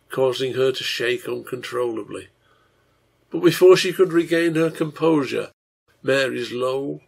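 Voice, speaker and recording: A man reads a translated serial novel aloud in a measured, earnest way. His voice is gravelly and somewhat husky, sitting at an ordinary middle pitch. He addresses the listener directly, like a storyteller. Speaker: translator and narrator.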